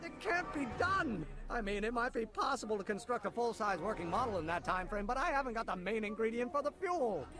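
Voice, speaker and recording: A man playing a high-strung young inventor. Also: fast, few pauses, close to an everyday voice. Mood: excited. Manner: frantic, exclamatory. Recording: game audio with music behind.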